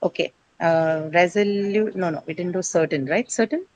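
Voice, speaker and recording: Woman, low voice, dry close sound, English teacher, patient explanations, quizzes the class. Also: moderate pace, a little mellow, no echo, muffled recording. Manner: patient, explanatory, asks questions then answers them, frequent "right?". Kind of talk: pronunciation lesson to a class.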